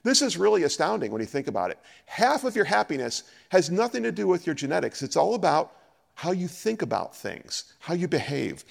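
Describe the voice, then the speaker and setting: A man preaching a sermon as a pastor, animated and acting out scripture dialogue. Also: fairly high pitch, fairly quick, gravelly, long reverb tail.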